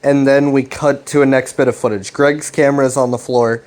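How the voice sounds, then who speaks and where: A man's voice: medium pitch, steady tone, fairly quick, a little mellow. A young man casually recapping a web series, retelling the dialogue loosely with fillers and restarts.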